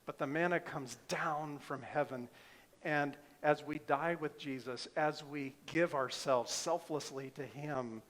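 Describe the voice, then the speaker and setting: Man preaching with a slightly high voice. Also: a little slow, a bit bright. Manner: emphatic, asks the congregation rhetorical questions. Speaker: pastor. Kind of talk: sermon.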